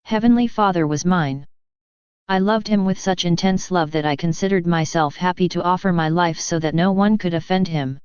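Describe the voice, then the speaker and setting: A woman's voice: lowish voice, normal speed, darkish tone, clean tone, dry recording, natural voice. A woman reading the words of a sorrowful divine man who pleads for love, in a solemn, earnest way. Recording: dull, slightly lo-fi dry recording.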